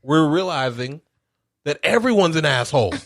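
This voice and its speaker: Animated, cursing man reviewing a movie. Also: a little high, normal speed. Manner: animated, profane, acts out scenes with laughter. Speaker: podcast co-host reviewing a film. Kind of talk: casual chat.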